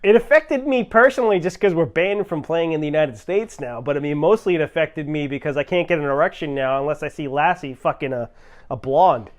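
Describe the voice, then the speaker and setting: A man with a slightly high voice smugly dishes out crude gossip. He delivers it in a deadpan, improvised mockumentary style. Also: a little fast. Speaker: comedy troupe performer. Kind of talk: improv mockumentary band interview.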